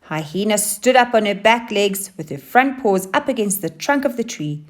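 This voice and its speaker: A woman teacher reading a children's story aloud, with expressive and animated delivery. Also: medium pitch, normal speed. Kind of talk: storybook narration.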